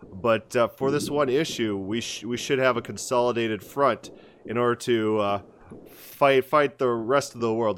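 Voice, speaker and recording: A man's voice: medium pitch, a little hiss or hum. A middle-aged man co-hosting a podcast, talking casually and rambling through stories with restarts and acted-out quotes. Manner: rambling storyteller with many restarts, acts out voices in quotes. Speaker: podcast co-host. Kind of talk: casual conversational podcast chat.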